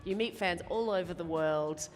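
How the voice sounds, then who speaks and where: A woman hosting a live stage Q&A, bubbly and quick to laugh. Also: lowish voice, long reverb tail, faint music behind. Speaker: host.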